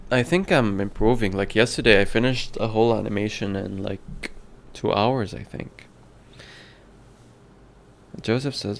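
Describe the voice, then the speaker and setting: A man's voice: on the low side, unhurried. A man who develops indie games, talking casually on a stream with lots of fillers and self-corrections. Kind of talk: casual livestream talk.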